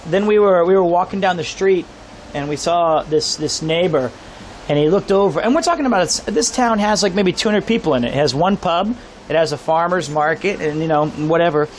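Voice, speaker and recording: A man from Kansas telling excited stories while live streaming outdoors by a pub, swearing freely. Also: a little high, fairly quick, slight background noise. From Kansas, USA. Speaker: IRL streamer. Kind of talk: casual live stream storytelling. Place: outdoors on a town street by a pub.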